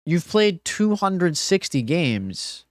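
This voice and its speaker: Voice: mid-range voice, very animated, takes it slowly, dry recording, studio quality. A game streamer on a livestream, talking back to chat in an exasperated, profane rant.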